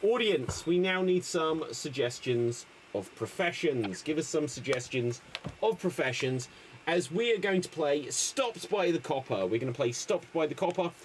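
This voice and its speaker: A man hosting a live improv show with a lively, up-and-down voice as he calls time and asks the audience for suggestions. Faint noise sits behind him. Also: on the high side.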